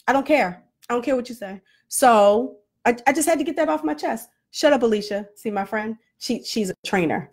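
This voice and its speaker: A woman with a high, bright voice talks straight to her phone camera in a playful rant. She laughs often, pokes fun at herself and swings her pitch all over. She sounds a little winded, fresh from a workout. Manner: animated, self-deprecating, laughs often. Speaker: vlogger. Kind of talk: casual comedic rant to camera.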